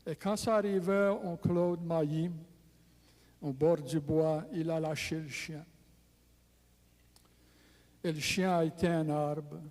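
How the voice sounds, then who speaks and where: Unhurried Cajun storyteller, man. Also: on the high side, steady tone, a little mellow, in a large hall. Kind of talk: folk tale telling.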